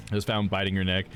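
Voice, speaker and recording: A male streamer chatting casually while he plays a game, laughing often and calling people "dude". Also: on the low side.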